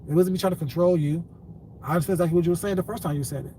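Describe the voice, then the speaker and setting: Live-streaming to his chat, a man delivers a long, blunt lecture that turns into angry cursing. His slightly high, mellow voice comes very fast. He sits a little back from the mic, with faint room noise in the background.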